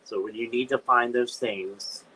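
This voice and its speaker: A man's voice: mid-range voice, steady tone, unhurried, sharp tone, husky. Chatty male tarot reader, live stream. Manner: chatty, dramatic squeals of disgust. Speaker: tarot reader, channel host. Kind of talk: live-stream card reading.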